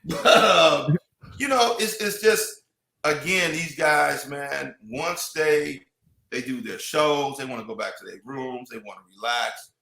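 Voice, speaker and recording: A man's voice: a little high, a little slow, vocal fry, bright, forceful tone, echoey room, low-quality recording. A man in casual podcast chat, rambling with many restarts and "you know what I mean".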